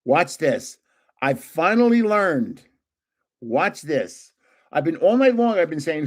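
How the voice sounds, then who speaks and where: A man's voice: a little high, sing-song, takes it slowly. An older man hosting a casual live stream, chatting and joking as he guesses card names aloud. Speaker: livestream host opening trading cards.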